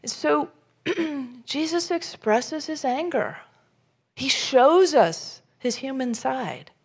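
A woman preaching a sermon in a gravelly, somewhat high voice. She tells the story with animated voices for the people in it. She swings from loud, forceful emphasis down to soft near-whispers. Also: very slow. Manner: animated storytelling, acting out Jesus' lines. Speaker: pastor.

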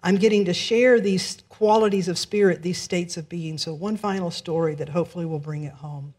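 Woman minister, warm-toned storyteller at the pulpit, lively delivery. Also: on the low side, fairly quick. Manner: lively storyteller, laughs through punchlines. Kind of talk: storytelling sermon.

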